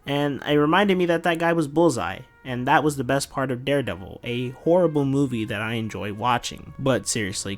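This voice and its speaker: A man giving a casual, chatty film review full of slang, with faint music playing behind him. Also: mid-range voice. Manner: slangy, laid-back and chatty.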